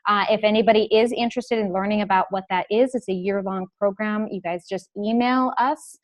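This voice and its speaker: A woman's voice: medium pitch, fairly even intonation, a little fast. A woman in her thirties hosting a live online class as a life coach, chatty and upbeat, with many asides.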